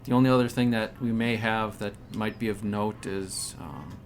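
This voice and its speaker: A man's voice: fairly low pitch, steady tone, moderate pace, slight background noise. A man playing a tabletop game, speaking hesitantly and full of ums as his character. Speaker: player.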